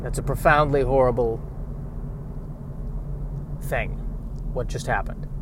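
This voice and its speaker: A man's voice: mid-range voice, takes it slowly, background noise. An American man in a car, rambling in casual chat with joking, self-mocking digressions. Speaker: vlogger.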